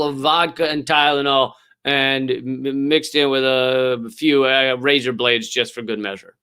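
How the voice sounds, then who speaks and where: A man hosting a comedy news show, delivering a sarcastic, profane rant with sudden swings in pitch and mock voices. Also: steady tone, a little slow, bright, forceful tone, clear, resonant tone.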